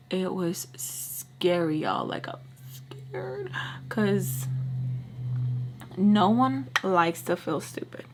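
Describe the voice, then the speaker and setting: Animated young woman telling a storytime. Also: mid-range voice, drawn-out words, long pauses, background noise. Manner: animated, lots of fillers and quoted dialogue. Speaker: vlogger. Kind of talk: storytime vlog.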